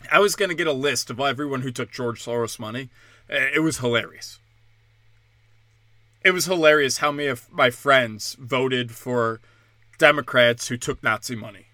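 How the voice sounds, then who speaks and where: A man's voice: mid-range voice, normal speed, pushed and bright, no room sound. Tense, heated man ranting. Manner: profane, heated, slips into mocking voices. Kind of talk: ranting monologue.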